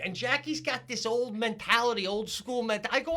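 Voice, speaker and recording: Bright-voiced man telling a wild story. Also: fairly quick, few pauses. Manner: animated, profane, voice climbing high and loud when worked up; laughs while telling stories. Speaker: podcast co-host. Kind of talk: casual comedic storytelling.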